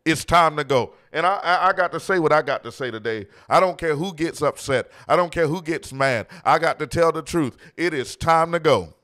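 A man's voice: on the high side, normal speed, few pauses, fairly bright tone. A man preaching a sermon, impassioned and mocking, frequently acting out quotes. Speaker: pastor.

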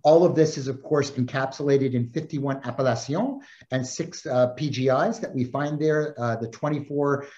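A man's voice: medium pitch, normal speed, hardly any pauses, dark tone, highs cut off. A man co-presenting an online wine seminar as a master sommelier, chatty and jokey with self-deprecating asides. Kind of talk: casual seminar presenting over video call.

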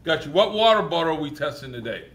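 Male teacher, playful classroom host, crisp bright tone, a little higher than most men. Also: sing-song, quick pace. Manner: jokey, repeats students' answers loudly. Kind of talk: classroom interviews with students.

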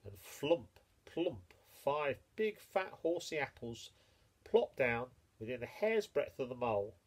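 A man reading a children's picture book aloud, expressive and playful with the sound words. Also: medium pitch, a little slow. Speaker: storyteller.

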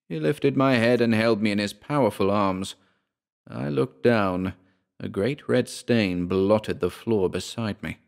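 A man narrating a horror story as an audiobook, slow and dramatic, dropping to a hush in the darkest passages. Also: lowish voice, creaky.

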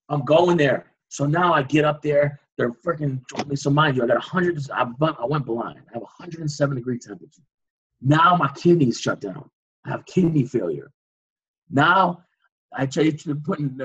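Husky man telling a dramatic story. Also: a little high, moderate pace, dull audio. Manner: animated, dramatic retelling with shouted reenactments. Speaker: guest. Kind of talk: storytelling interview.

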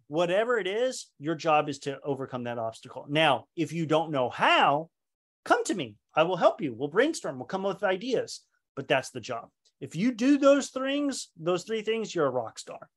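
A man teaching a leadership training session, his voice sitting a little high for a man. He talks earnestly and conversationally, repeating and restarting words and slipping into quoted dialogue as he goes. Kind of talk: professional training lecture.

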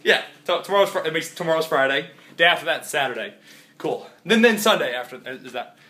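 Rambling jokey man, somewhat high voice. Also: expressive. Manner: rambling, jokey, quick swings between loud bursts and mumbling. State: sick, congested. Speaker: vlogger. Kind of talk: casual vlog chat. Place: his house, indoors.

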